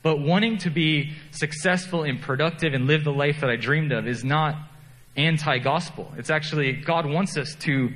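A man's voice: on the high side, moderate pace, fairly bright tone, in a large hall, low-quality recording. Conversational, self-deprecating male pastor. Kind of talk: sermon.

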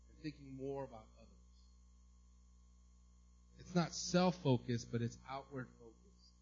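A man preaching a sermon as a pastor, in a conversational way, often checking in with "right?" and now and then breaking into loud mimicry. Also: on the high side, muffled recording.

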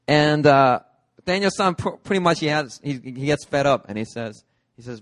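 A man's voice: fairly high pitch, normal speed, no echo. A man preaching a sermon. He tells a story with lots of energy and acts out the characters with voices he puts on. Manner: animated, acts out movie characters with put-on voices. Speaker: pastor. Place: church hall, dry sound.

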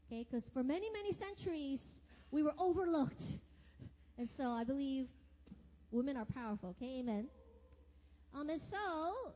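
A woman's voice: sits high, darkish tone. A middle-aged woman teaching a Bible class in a chatty, upbeat way, often saying okay, and reading scripture aloud. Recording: lo-fi audio with long reverb.

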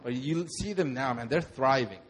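A young man, a pastor, telling a lively sermon testimony and acting out the moments in his story. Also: mid-range voice, normal speed. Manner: animated storytelling, acts out shouts.

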